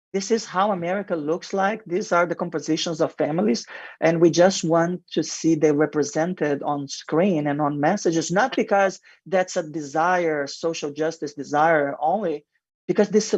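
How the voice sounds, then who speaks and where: A man's voice: high-pitched, husky, no echo, dull audio. A male marketing executive with a heavy non-native accent, answering radio interview questions in an earnest, explanatory way with frequent fillers.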